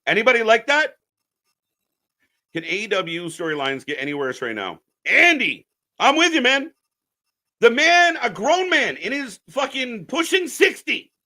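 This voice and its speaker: A man ranting on a live stream as a wrestling commentator, profane and mocking, swinging between muttering and shouting. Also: on the high side.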